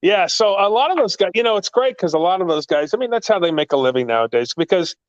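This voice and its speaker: A man telling wrestling stories in a casual chat, excitable and rambling, his pitch jumping up in the story. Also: fast talker, dry recording, highs cut off. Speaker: guest, actor and former wrestling manager.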